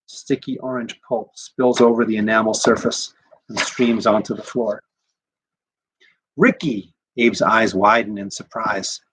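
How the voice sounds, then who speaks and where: A rabbi reading a short story aloud in a measured, expressive way. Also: male voice, fairly low pitch, husky, poor audio. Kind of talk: scripted narration of a short story.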